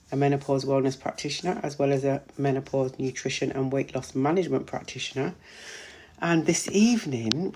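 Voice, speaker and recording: A woman host, a menopause wellness practitioner, chatting casually on a live stream, greeting viewers by name, repeating herself, her voice starting to go hoarse. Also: a bass voice, darkish tone. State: voice going hoarse.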